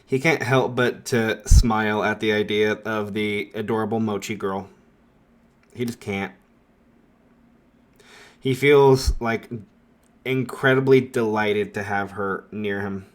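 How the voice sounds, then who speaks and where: A man's voice: fairly low pitch, fairly even intonation, slow pace, pauses often. Rambling casual male storyteller. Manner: rambling, many filler likes. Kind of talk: casual fan story narration.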